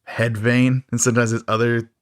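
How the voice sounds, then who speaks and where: A man's voice: mid-range voice, little pitch movement, moderate pace, clear, resonant tone, no echo. Wry man recapping a movie, dry mic. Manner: jokey, laughing often. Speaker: podcast co-host. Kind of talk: casual movie recap chat.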